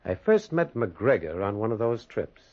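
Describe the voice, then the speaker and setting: A man with a lowish, husky voice narrates at a moderate pace, playing a lonely man haunted by memories in a 1940s radio drama. He is both narrator and lead character, telling his own story expressively. The old radio recording sounds dull and lo-fi.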